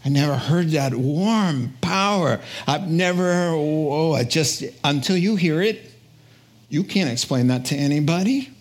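Animated man preaching a sermon. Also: on the high side, unhurried. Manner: animated storytelling, acts out quoted voices, drops to a whisper at times, laughs often. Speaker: pastor.

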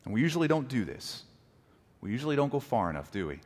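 A man preaching a sermon as pastor, animated, acting out quoted apologies and arguments. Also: mid-range voice, quick pace. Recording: long reverb of a large hall.

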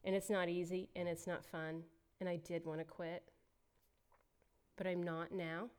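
A woman's voice: fairly low pitch, flat delivery, unhurried, a little mellow, clear, resonant tone. A middle-aged woman giving a candid, emotional personal testimony as a church speaker, laughing often as she talks.

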